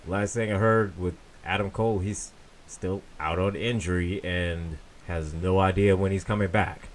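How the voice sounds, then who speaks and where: Deep-voiced man, halting podcast co-host. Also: steady tone. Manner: halting, with many fillers and restarts. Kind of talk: casual wrestling talk.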